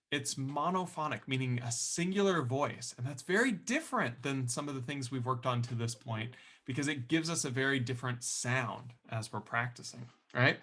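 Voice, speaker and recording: A man's voice: on the high side, sharp tone. A man teaching an online ukulele lesson in an upbeat, encouraging and chatty way.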